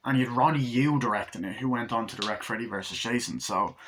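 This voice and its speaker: A young man with a bright, forceful voice reviews a film in loose, casual talk. He rambles from point to point and swears freely. His pitch sits in an ordinary middle range. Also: fast talker, slight background noise, poor audio. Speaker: movie reviewer.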